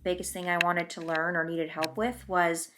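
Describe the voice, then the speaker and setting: A woman's voice: fairly low pitch, flat delivery, normal speed, over music. A young woman vlogger telling a personal story in an open, conversational, confessional way while doing her makeup. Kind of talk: candid confessional storytelling vlog.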